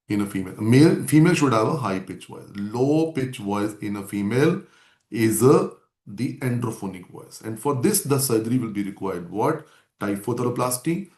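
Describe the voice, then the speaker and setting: A man's voice: lowish voice, a little mellow. A man teaching a medical class and repeating key terms to drill them in. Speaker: medical lecturer. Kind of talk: classroom lecture. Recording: echoey lecture room.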